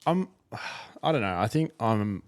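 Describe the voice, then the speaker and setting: Guy co-host, low voice, dry teasing quips. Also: sing-song, a little slow. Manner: dry, teasing, short replies. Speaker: podcast co-host. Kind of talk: casual chat.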